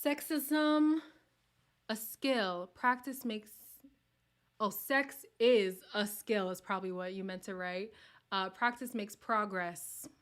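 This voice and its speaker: Speaking slowly in a mid-range voice, this livestream host reacts to a reality show during a relaxed watch party. She reads out viewer comments, chats loosely, and slips into the occasional whisper.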